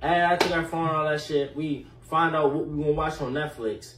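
A man telling a casual storytime in an animated, slangy way full of fillers and profanity. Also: fairly high pitch, a little fast. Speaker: storyteller vlogger. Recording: echoey room, mic at a distance, faint noise.

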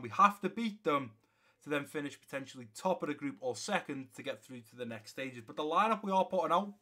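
A young man commentating on his own football video game, chatting to viewers and calling the action play by play. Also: fairly high pitch. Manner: live play-by-play, grows loud and excited during match action. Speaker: gaming YouTuber. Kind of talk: gameplay commentary.

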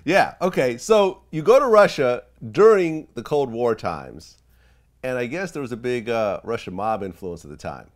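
A man's voice: medium pitch, big pitch swings, normal speed. A man hosting an interview, prompting his guest with questions and short affirmations. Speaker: interviewer host.

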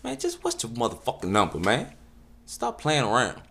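A man's voice: mid-range voice, wildly swooping pitch, moderate pace, creaky, a bit bright. A man telling a comic story in an exasperated, slangy rant. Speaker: comedic storyteller. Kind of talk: casual comedic rant.

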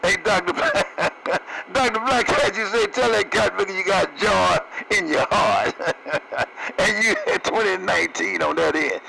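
A man's voice: high-pitched, measured pace, creaky. A man trading jokes over CB radio, using radio lingo and laughing between lines. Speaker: CB radio operator. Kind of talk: CB radio banter. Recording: noisy CB radio transmission.

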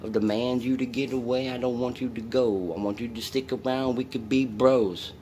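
A man's voice: medium pitch, fairly even intonation, moderate pace, dark tone, a little hiss or hum. A man vlogging in a rambling, profane way, coaxing and talking to an unseen presence and his dog.

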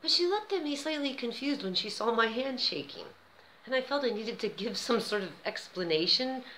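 A woman's voice: on the high side, expressive, normal speed, pushed and bright, echoey room, slight background noise, poor audio. An American woman telling a personal story in a conversational vlog style, with an American accent. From United States. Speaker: vlogger.

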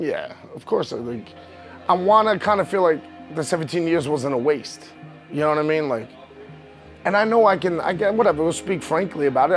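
A man, a professional wrestler telling his story in a candid sit-down interview, emotional and rambling. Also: fairly high pitch. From New York. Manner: emotional, rambling, frequent "you know what I mean".

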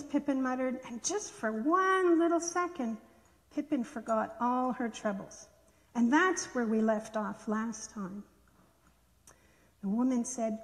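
A woman gently and expressively reading a children's story aloud in a church worship service. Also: high voice, a little slow, in a large hall.

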